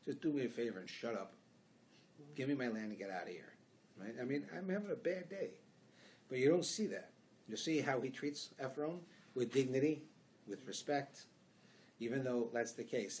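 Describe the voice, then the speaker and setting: A man's voice: mid-range voice, slight background noise. A man with a Canadian accent, a rabbi giving a conversational Torah class in a synagogue, telling stories and acting out bits of dialogue as he goes. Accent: Canadian English. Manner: conversational, animated storytelling with acted-out dialogue.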